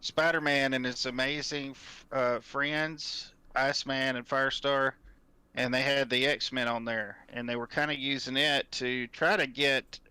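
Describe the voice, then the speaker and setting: A man with a smooth, forceful voice chats casually and likes to joke, often at his own expense. The sound is dry and close. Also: medium pitch, fairly even intonation, measured pace, no room sound. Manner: joking, self-mocking. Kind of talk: casual chat.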